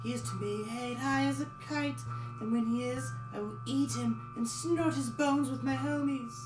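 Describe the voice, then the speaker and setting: A woman's voice: sits high, moderate pace, close to an everyday voice. A woman voicing a wicked old female witch who is a crude, street-tough dealer, menacing and bossy in a comedic parody. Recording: echoey, with music behind.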